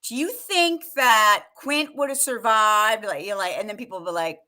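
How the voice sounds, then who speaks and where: A woman co-hosting a casual fan chat show, animated and laughing as she quotes movie lines. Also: mid-range voice, normal speed. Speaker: co-host. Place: live online show.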